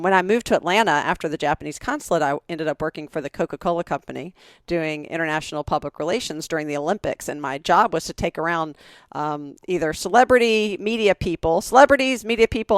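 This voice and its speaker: A woman in her forties chats with her co-host and tells animated stories. Her voice sits low and has a gravelly fry. The sound is dry and close, with no room echo. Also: fast. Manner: chatty, animated storyteller who acts out others' lines. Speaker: podcast co-host. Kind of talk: casual storytelling chat.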